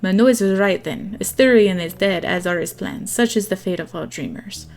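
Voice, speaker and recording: A woman's voice: mid-range voice, normal speed, creaky, soft background music, close to an everyday voice. A woman voicing a stern, cold old male forest elder with a put-on thick accent that is not convincing. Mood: grim. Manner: cold, firm, clipped.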